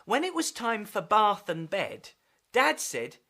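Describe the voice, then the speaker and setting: A woman presenter reading a storybook aloud to children, expressive and emphatic. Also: mid-range voice, slow.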